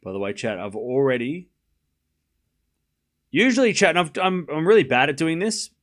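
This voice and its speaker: A man's voice: on the high side, sing-song, normal speed, fairly bright tone. A man with an Australian accent hosting a live stream, giving casual commentary and chatting with viewers in a rambling, self-deprecating way, swearing now and then.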